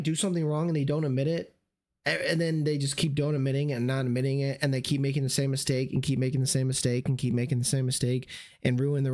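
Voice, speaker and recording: A man's voice: a little high, darkish tone. Man, live-stream chat, slangy, repetitive, losing his voice. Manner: slangy, repeats "you see what I'm saying". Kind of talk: casual live-stream commentary.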